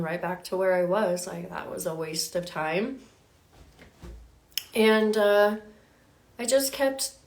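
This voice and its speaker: Lady coach chatting about her own story, kinda low voice, acts out what people said. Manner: animated, acts out quoted voices, many fillers. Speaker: health coach. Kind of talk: personal storytelling to viewers.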